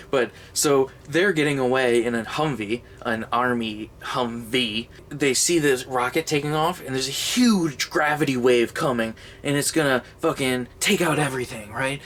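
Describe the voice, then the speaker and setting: A man's voice: mid-range voice, a bit bright, a little hiss or hum. Sarcastic young man ranting casually. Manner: sarcastic, rambling, swearing. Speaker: movie reviewer. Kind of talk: casual comedic movie review.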